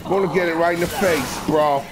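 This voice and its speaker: A man's voice: fairly high pitch, moderate pace, noisy background. A man trash-talking and taunting through a let's play, cursing and repeating short phrases over and over. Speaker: gamer.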